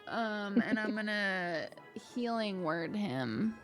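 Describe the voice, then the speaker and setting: A young woman player in a tabletop role-play stream talks through her character's moves slowly and hesitantly. She speaks at a mid-range pitch with lots of "uh"s and self-conscious asides. Faint music runs in the background. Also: expressive. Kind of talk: casual game talk.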